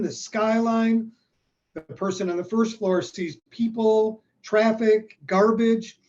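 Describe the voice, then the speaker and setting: A man's voice: high-pitched, muffled recording. A man in his sixties, a guest in an interview, telling a story and acting out the lines of the people in it. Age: 60s. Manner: animated, acts out quoted dialogue.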